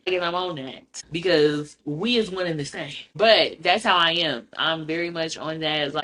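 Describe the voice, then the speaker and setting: A woman hosting a podcast in casual chat, blunt, profane and outspoken, telling stories with animation. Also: on the low side. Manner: animated storyteller. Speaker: podcast host.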